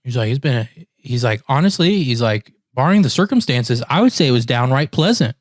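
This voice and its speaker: A man talks in easy podcast chat, laughs often and slips into other people's voices as he tells his story. His pitch sits in the middle for a man. The room sounds dry and close. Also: fairly quick, dry recording. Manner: animated storyteller, acts out quotes, laughs often. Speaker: podcast co-host.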